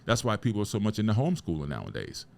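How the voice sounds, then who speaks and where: A man's voice: fairly low pitch, wildly swooping pitch, very fast, vocal fry, a little mellow. A man hosting a podcast, giving an emphatic, preachy motivational talk full of rhetorical questions and casual swearing. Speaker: podcast host.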